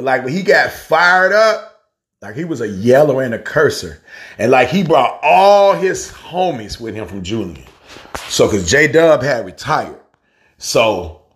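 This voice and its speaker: Middle-aged man, lower register, animated street-casual storyteller delivering an earnest tribute. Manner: casual and slangy, calls the listener family and man; animated storyteller, softens when grieving. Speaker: guest speaker. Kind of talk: heartfelt spoken tribute.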